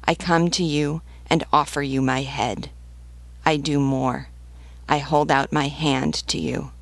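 A woman's voice: deep voice, steady tone, slow, gravelly, dry recording, heavily acted. A woman voicing a stern male revolutionary priest who pleads earnestly with besieged men, in an audiobook reading. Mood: pleading.

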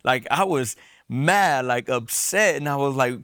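A man's voice: medium pitch, expressive, unhurried, gravelly, fairly bright tone. A young man from San Diego sharing a personal testimony in an earnest storytelling way, stumbling over repeated words at times. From San Diego, USA. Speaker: testimony guest.

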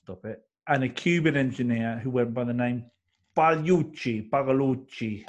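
A man's voice: medium pitch, brisk, dull audio. A man, co-hosting a casual chat and rambling through history with fillers and jokes. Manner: rambling, jokey storytelling with many fillers. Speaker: co-host.

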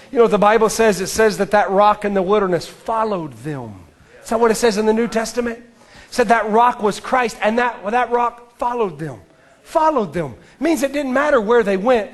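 A man preaching a sermon, dropping to whispers and rising to shouts. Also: high-pitched, animated, normal speed. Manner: swings from hushed whispers to shouted climaxes. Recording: live church with music behind.

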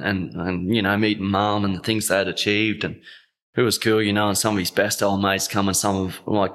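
A man's voice: on the low side, a bit bright. A young Australian man from the Northern Territory, telling a heartfelt story in a casual interview, choked up, rambling with many fillers. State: choked up, voice catching. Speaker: guest.

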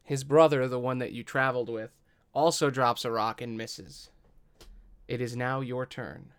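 A man's voice: medium pitch, a little slow, fairly bright tone, clear, resonant tone. Man narrating as game master.

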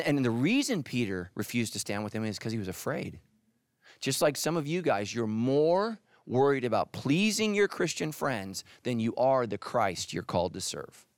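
Animated man preaching a sermon. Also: dry recording, studio quality. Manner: animated, voices quoted characters with jumps in pitch; drops to soft intense asides. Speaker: pastor.

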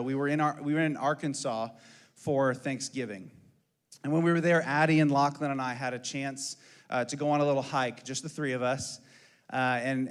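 A man in his thirties, a pastor, telling a personal story in a sermon in a loose, conversational way with frequent fillers and restarts. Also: mid-range voice.

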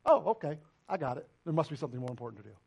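A man's voice: fairly high pitch, sing-song, rapid-fire, creaky, background noise. A man preaching a sermon as pastor, emphatic and full of direct questions to the congregation. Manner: emphatic, preaching with rising and falling intensity.

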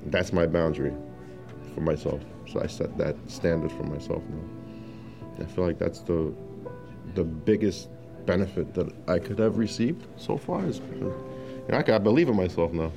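Deep-voiced man telling his story. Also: creaky. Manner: animated storyteller who acts out quotes, many fillers. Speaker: interviewee sharing his story. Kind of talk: casual personal testimony.

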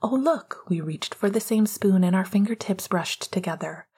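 A woman voicing a playful man flirting while he cooks, in a soft, hushed delivery in an audiobook reading. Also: high-pitched, animated, normal speed, breathy edge, full character voice. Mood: teasing. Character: teasing flirtatious man cooking.

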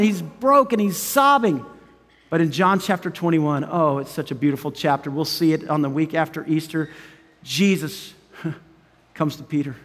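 Male pastor, high voice, emphatic sermon delivery with hushed asides, long hall reverb. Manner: emphatic, swinging from loud urgency to hushed intimacy; chuckles between phrases.

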